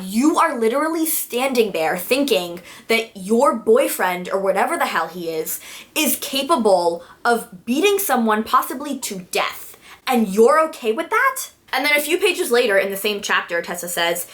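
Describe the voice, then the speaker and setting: A woman's voice: a little high, sing-song, normal speed. A woman reviewing a book in a casual video rant, exasperated and sarcastic, swearing freely.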